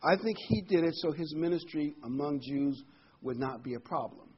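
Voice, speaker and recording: A man's voice: on the high side, lively intonation, moderate pace, breathy edge, lo-fi sound. A man preaching a Bible sermon in a conversational, emphatic way, his voice rising sharply on key words.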